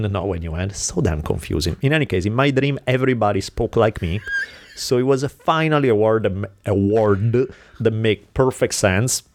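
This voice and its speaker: A man from Italy with an Italian accent, chatting casually as a podcast co-host, telling animated stories and swearing freely. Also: on the low side, no echo. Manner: animated storytelling, acting out exasperated dialogue. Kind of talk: casual chat.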